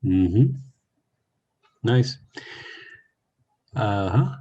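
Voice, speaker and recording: A man leading a language study session, reading a story aloud and explaining it in a thoughtful, teacherly way with many pauses. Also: deep voice, a little mellow, lo-fi sound. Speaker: session leader.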